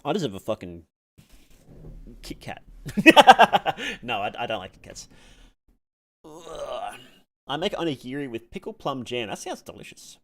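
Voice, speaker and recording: Swearing male game streamer, lively pitch. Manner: swears freely and reacts loudly to in-game deaths; rambling, halting with many fillers. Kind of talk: live gameplay commentary, answering chat.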